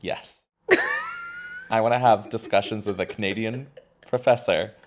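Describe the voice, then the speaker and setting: A young male podcast co-host chatting casually and rambling from joke to joke. His voice sits low yet moves through a wide, animated pitch range. He laughs often and circles back on his own thoughts. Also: unhurried, over music. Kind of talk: casual chat.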